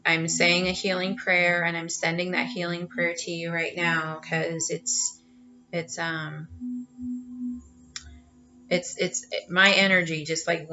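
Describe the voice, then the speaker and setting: A woman's voice: deep voice, pushed and bright. A woman giving a casual tarot card reading at her home, rambling and chatty with many fillers and restarts. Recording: dull lo-fi sound.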